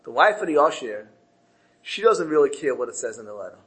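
A man's voice: mid-range voice, sing-song, a little fast, a bit bright, rough recording. A man teaching a Torah lesson and telling a parable, lifting his voice for the characters and often restarting phrases. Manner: storytelling, lifts his voice when quoting characters; repeats words and restarts phrases.

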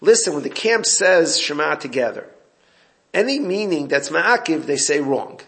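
A man's voice: a little high, expressive, normal speed, a bit bright. A man giving an informal Torah class, explaining a text and recounting exchanges with his students. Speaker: Torah teacher.

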